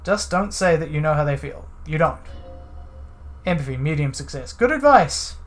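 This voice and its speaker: A young man streaming a game, casually reading its text and choices aloud with animated delivery. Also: fairly high pitch, moderate pace, faint music behind. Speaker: let's play streamer.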